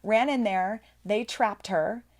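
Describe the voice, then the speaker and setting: A woman's voice: medium pitch, slow pace. A woman co-hosting a casual podcast, telling a story animatedly and laughing often. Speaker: podcast co-host. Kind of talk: casual chat.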